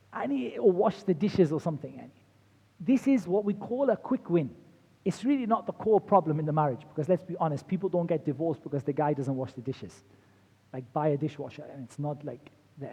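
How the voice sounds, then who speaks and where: A man's voice: sits high, warm tone, breathy edge, in a large hall, dull audio. A man giving a conversational religious lecture on marriage, acting out quoted spouses as he goes. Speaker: Islamic lecturer.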